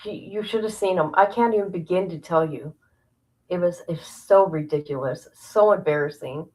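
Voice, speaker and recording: A woman's voice: lowish voice, normal speed, a little mellow, low-quality recording. A woman speaking casually on a livestream. She is blunt and profane, and she laughs often as she tells her viewers what has been bothering her. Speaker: streamer.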